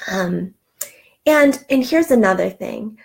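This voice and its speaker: A woman's voice: mid-range voice, expressive, slow, vocal fry, a little mellow, breathy edge. A middle-aged woman giving an earnest, encouraging self-help talk, with frequent ums and restarts. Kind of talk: motivational talk.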